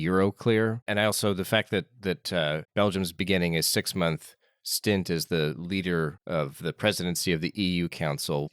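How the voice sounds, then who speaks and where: A man's voice: sits low, no echo, clean studio sound. A male interviewer asking a guest long, conversational questions.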